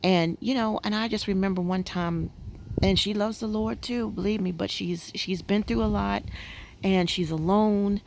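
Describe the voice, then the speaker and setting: A woman's voice: medium pitch, steady tone, moderate pace, gravelly, a little mellow, slight background noise. A woman vlogger sitting outdoors at home, chatting casually and musing with lots of fillers. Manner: rambling, musing, frequent fillers. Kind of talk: casual chat.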